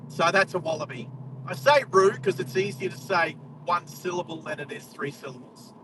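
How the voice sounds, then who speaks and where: A man's voice: fairly high pitch, moderate pace. An Australian man hosting a live driving stream, chatting casually and calling out wildlife as he drives through the country. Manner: chatty, exclaims at wildlife, talks to live chat. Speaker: driving livestream host. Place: inside a moving car on a country road. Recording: distant car mic with road noise.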